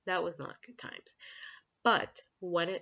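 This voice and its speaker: A woman's voice: fairly low pitch, takes it slowly, vocal fry, bright, forceful tone, muffled recording. A woman vlogging as a relationship coach at home, talking frankly and chattily, laughing often. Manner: chatty, frank, laughs often, breaks off to talk to her kids. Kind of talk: casual talking-head vlog.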